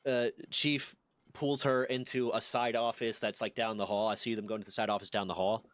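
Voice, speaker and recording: A man's voice: fairly low pitch, flat delivery, fairly quick, fairly bright tone, dry recording, studio quality. A man in his twenties casually telling a rambling, profane story on a stream. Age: 20s.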